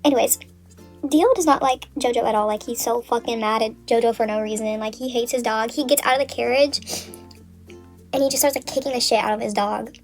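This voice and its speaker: Young woman, high voice, rambling, swearing, lots of "like", faint music behind. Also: fairly even intonation, fairly quick. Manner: rambling, swears a lot, heavy use of "like". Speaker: vlogger. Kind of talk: casual chat, retelling a story from memory.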